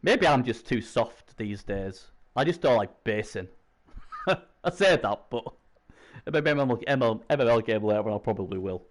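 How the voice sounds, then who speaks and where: A man doing chatty live video game commentary, swinging from low muttering to excited shouts. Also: normal speed. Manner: chatty, opinionated, talks to himself.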